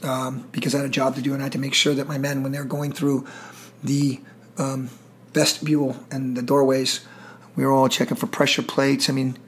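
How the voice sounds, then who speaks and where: A man's voice: mid-range voice, level tone, a little fast, a little hiss or hum. A middle-aged man telling war stories in an interview, intense, emotional and profane. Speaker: guest, military veteran. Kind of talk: storytelling interview.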